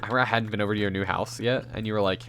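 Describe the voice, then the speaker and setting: A man's voice: fairly low pitch, steady tone, very fast, a bit bright, slight background noise. A man streaming a game, chatting casually and teasing his friend, swearing and laughing often. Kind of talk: casual chat on a gaming stream.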